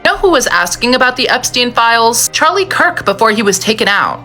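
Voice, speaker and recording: Sarcastic, indignant woman with lively pitch. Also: fairly quick, faint music behind. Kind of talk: political commentary monologue.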